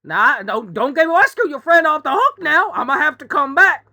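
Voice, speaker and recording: A woman voicing a loud, blustering male rooster with an American Southern accent, repeating herself with a bossy drawl. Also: high voice, big pitch swings, normal speed, gravelly, pitched above the performer's own voice, heavily acted.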